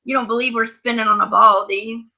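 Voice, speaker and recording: High gravelly woman, rambling storyteller. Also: flat delivery, quick pace. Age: 30s. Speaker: livestream host. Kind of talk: casual chat. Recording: muffled lo-fi stream audio.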